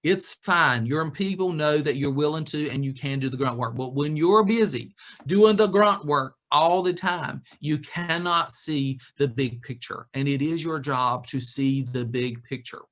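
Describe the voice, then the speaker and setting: A man speaking over a video call, giving an animated, joking leadership talk. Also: on the high side, measured pace. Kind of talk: lively webinar talk.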